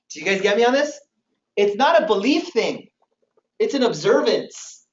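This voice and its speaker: A man's voice: high-pitched, brisk. Guy running a pumped-up sales training, keeps asking the crowd stuff, sounds far off and muffled in a big echoey room. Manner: energetic, keeps quizzing the audience. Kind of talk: motivational training talk. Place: training hall with live audience. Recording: roomy, distant, dull hall recording.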